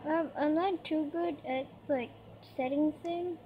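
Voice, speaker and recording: Unhurried and high-pitched, a woman chats through her gameplay as a gamer, jumpy and prone to squeals whenever something goes wrong. The audio comes from a dull lo-fi mic with faint noise.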